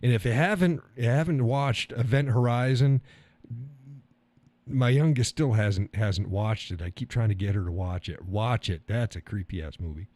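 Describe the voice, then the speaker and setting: A man's voice: lowish voice, moderate pace, darkish tone, no echo. A middle-aged man hosting a live stream, chatting loosely, cursing now and then and chuckling as he talks to his chat. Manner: rambling, swears casually, chuckles often. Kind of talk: casual chat reading viewer comments.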